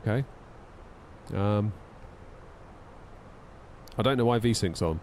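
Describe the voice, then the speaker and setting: Man, casual stream chat, low voice, warm mellow tone, faint background hiss, wry, tired. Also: slow. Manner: chatty, wry, reads out chat messages. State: yawning, tired. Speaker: flight sim streamer.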